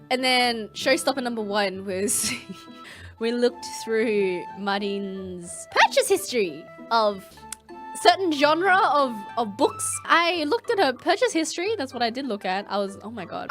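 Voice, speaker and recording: A woman streamer chatting casually, recounting a story in an excitable, animated way. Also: high-pitched.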